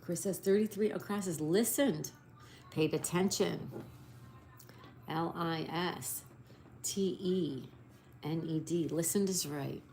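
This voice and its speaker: Slow, mellow-voiced woman streamer. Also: fairly low pitch, a little hiss or hum. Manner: slow, spells answers letter by letter and reads out viewer comments. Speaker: live-stream host. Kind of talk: casual live-stream chat.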